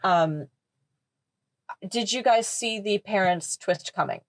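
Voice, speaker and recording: A woman's voice: medium pitch, slow pace, no echo. A woman co-hosting a podcast, talking through a horror film in a thoughtful, analytical way. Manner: thoughtful, analytical, laughs easily. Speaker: podcast co-host. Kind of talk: casual film discussion.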